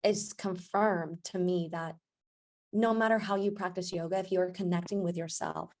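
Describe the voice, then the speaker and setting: A woman yoga instructor telling a personal story as a podcast guest, chatty and animated, often acting out what others said. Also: on the low side, moderate pace. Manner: animated storyteller, acts out quoted voices, laughs often. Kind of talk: casual storytelling interview. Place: podcast recording.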